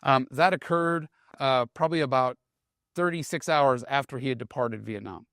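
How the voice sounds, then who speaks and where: A man giving a conversational talk on military leadership, animated and checking in with the audience as he tells the story. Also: medium pitch, moderate pace, no room sound, clean studio sound. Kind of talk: storytelling talk with read-out quotes.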